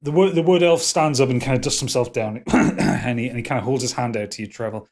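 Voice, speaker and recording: Halting male game master. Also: medium pitch, darkish tone. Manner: halting, descriptive, quick to laugh. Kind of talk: narrating a tabletop game.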